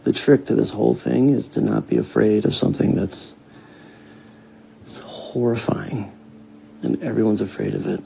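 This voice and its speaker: A man's voice: on the low side, normal speed, vocal fry, long pauses, slight background noise, rough recording. An actor playing a brash, reckless, foul-mouthed man in film dialogue. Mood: earnest. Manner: swearing, loud and mocking.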